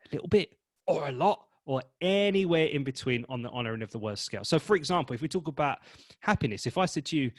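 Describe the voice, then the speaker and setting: A man giving a webinar training talk as a presentation coach, expressive and demonstrating emotions vividly. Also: a little high, fast, no echo, studio quality.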